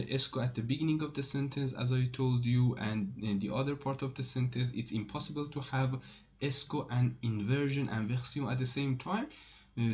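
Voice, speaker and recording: A man teaching French in a casual spoken lesson, pausing often with fillers and restarts and repeating example sentences aloud. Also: medium pitch.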